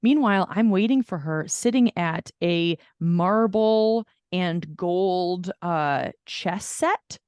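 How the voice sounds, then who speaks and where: A woman's voice: on the low side, slow pace, hardly any pauses, clean tone, no room sound. A woman co-hosting a podcast, telling a long story in casual chat and acting out the people she quotes. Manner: animated storyteller who acts out quoted people. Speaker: podcast co-host.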